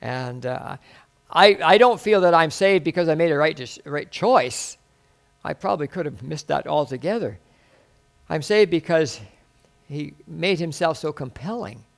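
Gravelly, exclaiming man preaching a sermon. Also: a little high, expressive, unhurried. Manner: exclamatory, rhetorical questions. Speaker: pastor.

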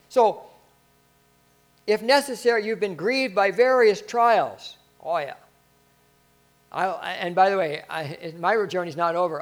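A middle-aged man preaching in a slightly high voice. He talks in a chatty way, restarts his sentences often, and swings from loud, stressed points to soft, quiet asides. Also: rough recording. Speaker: pastor. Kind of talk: sermon.

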